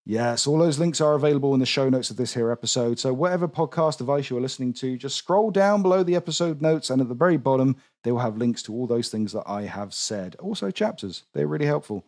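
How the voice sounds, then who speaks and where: A man's voice: mid-range voice, animated, fast talker, hardly any pauses, darkish tone. A man with a southern English accent hosting a gaming podcast, chatting and reading out listener messages. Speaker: podcast host. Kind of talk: casual chat.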